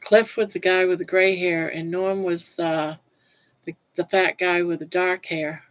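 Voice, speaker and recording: A woman's voice: on the low side, little pitch movement, a little slow, dull audio. An older woman from Maine with a Down East accent, chatting casually on a livestream from her couch, laughing easily as she answers viewers. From Portland, Maine. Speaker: livestream host. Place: home couch. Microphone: phone.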